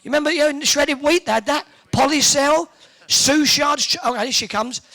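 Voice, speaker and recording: A man hosts a live event from an indoor hall, teasing audience members and firing off quick jokes. His voice sits very high, with a bright edge and a gravelly rasp underneath. He sounds like a seasoned compère working the room. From Hertfordshire, England. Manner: joking, teasing, quick with quips. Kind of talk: cheeky audience banter.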